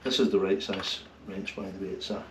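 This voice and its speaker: Guy mumbling while fixing an engine, low voice, lots of clatter behind, roomy sound. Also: brisk. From Scotland. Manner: muttering to himself while working, with bursts of excitement. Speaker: car restorer. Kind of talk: casual workshop commentary. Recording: roomy, distant, noisy workshop sound.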